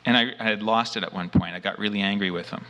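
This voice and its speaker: Guy telling his own story, kinda low voice but really sharp and bright, earnest and emphatic. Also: fairly even intonation, fast talker. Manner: acts out his own quoted lines. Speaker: abduction experiencer. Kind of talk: first-person testimony.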